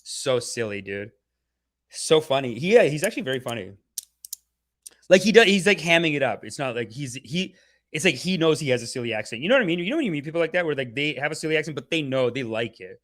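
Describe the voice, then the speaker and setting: A man's voice: fairly high pitch, expressive, fast, a bit bright. A young man hosting a livestream, chatting casually and rambling playfully while talking to his viewers. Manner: rambling, playful, talks to chat. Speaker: livestream host.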